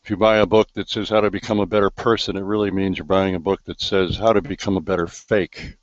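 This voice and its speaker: A man's voice: low-pitched, little pitch movement, fast talker, dry recording. A man talking sarcastically in a live voice chat room, with wry jokes. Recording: dry, dull lo-fi voice chat audio.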